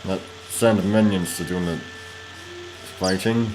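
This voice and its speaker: A man with a fairly low voice talks through gameplay in a loose, rambling way. He breaks into loud, playful shouts when a fight heats up. Clear background noise and clicks sit under his voice. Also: fairly even intonation, slow pace. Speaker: gaming video host.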